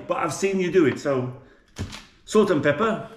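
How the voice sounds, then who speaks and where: A man's voice: fairly high pitch, lively intonation, normal speed, pauses often. A man with a Birmingham accent chatting casually as he cooks for his vlog, jokey and rambling, filmed on a GoPro in a kitchen. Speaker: cooking vlogger. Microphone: GoPro camera. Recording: echoey room.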